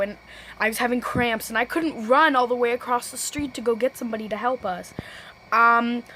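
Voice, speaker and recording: A teenage girl telling a storytime vlog, rambling and restarting sentences, often saying "low-key.". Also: bright, forceful tone, slight background noise, poor audio. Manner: self-correcting, restarts sentences. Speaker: vlogger.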